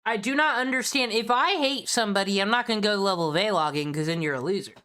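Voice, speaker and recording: A woman's voice: mid-range voice, fast talker, pushed and bright, smooth. Woman streamer, blunt, swears freely, casual opinionated reactions.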